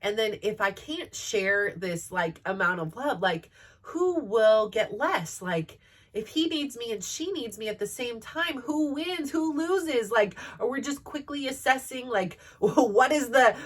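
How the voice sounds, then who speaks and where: A woman's voice: a little high, animated, measured pace, far from the mic. A woman telling personal stories in a chatty way, laughing often and filling with "like". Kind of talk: personal storytelling.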